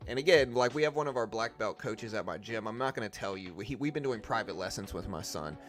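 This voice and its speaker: Man, low voice, quick casual stream chatter, desk mic, faint music behind. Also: lively intonation, a bit bright. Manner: fast-talking, casual slang, thinks aloud. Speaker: live trading stream host. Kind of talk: casual live-stream chat. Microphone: desk microphone.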